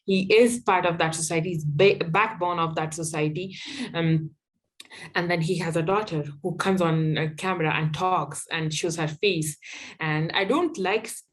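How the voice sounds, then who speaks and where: A woman's voice: lowish voice, normal speed. A young adult woman from Afghanistan, an activist guest telling personal stories in an interview, emphatic and candid, often restarting her phrases.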